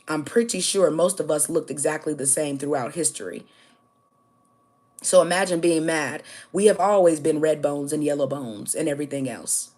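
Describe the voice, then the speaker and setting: American woman ranting on her live stream, kinda low voice, blunt and cussing, keeps going "okay?" at chat. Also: a little mellow. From United States. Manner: blunt, confrontational, profane; addresses viewers directly, repeating "okay?". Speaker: livestream host. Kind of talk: livestream rant answering chat.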